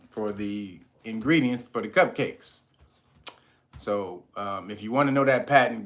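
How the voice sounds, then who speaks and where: A man's voice: medium pitch, a bit bright. Slangy, profane man hosting a vlog. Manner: slangy, profane, greets viewers by name; mocking. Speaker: channel host. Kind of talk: casual talk to viewers.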